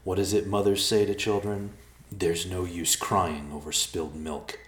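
A cold, taunting villain voiced by a male narrator who drawls his threats slowly and calmly. His voice sits very deep, and the room around it rings with echo. It is a storybook reading. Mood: cold mocking. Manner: calm, mocking, slow and deliberate. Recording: roomy echo.

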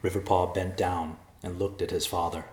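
A man narrating a storybook in a measured, dramatic way. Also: low voice, flat delivery, darkish tone, echoey room.

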